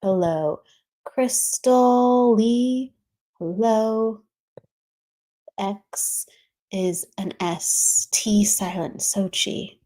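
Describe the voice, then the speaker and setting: A woman's voice: fairly high pitch, drawn-out words, pauses often. Chatty woman hosting a livestream. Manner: chatty, warm greetings by name, laughs often. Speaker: livestream host. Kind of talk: casual livestream chat, greeting viewers. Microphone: streaming setup, remote.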